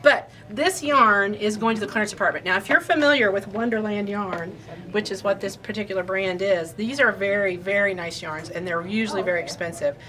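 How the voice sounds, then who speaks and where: A woman's voice: mid-range voice, fairly quick, bright, forceful tone. A woman from Indiana hosting a casual shop update, chatty and rambling, laughing easily. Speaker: quilt shop owner and host.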